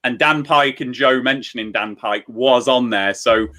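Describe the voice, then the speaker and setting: A man's voice: medium pitch, a little slow, sharp tone. A man with a Lancashire accent hosting a casual football watchalong, upbeat and chatty, laughing often. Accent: Lancashire English. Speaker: watchalong host.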